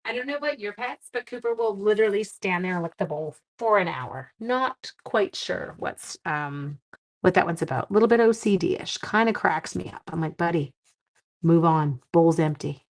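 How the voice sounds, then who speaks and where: A woman's voice: mid-range voice, animated, normal speed. Chatty woman teaching a crafting livestream. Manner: chatty, rambling asides to viewers and her dog. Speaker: card-making instructor. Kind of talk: live-streamed crafting tutorial. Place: home craft room.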